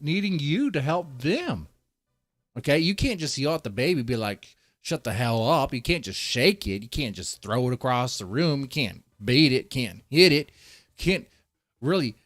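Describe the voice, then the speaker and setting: A man's voice: on the high side, a bit bright, no echo. A man hosting a livestream, rambling in casual, profane commentary and talking straight to his chat. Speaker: livestream host.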